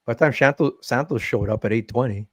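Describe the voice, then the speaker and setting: A man's voice: medium pitch, quick pace, no room sound. A man hosting a casual fishing podcast, rambling and laid-back, calling everyone "man". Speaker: podcast host. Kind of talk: casual chat. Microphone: desk podcast mic.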